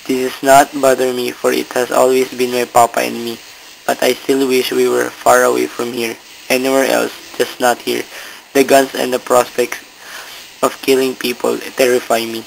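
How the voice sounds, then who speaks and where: A young man reading a story aloud as a school project, haltingly, with small stumbles and restarts. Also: mid-range voice, completely flat delivery, vocal fry, slight background noise, rough recording. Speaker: student reader.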